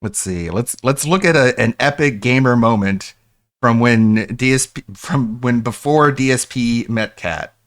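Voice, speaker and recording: A man's voice: medium pitch, measured pace, fairly bright tone. A man commenting sarcastically on a clip during a live stream.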